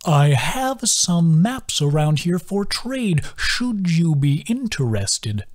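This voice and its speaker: A man voicing a slow, sing-song turtle-man mentor who drawls and croons with wide pitch swings. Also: sing-song, full character voice. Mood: conspiratorial. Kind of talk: audiobook character voice.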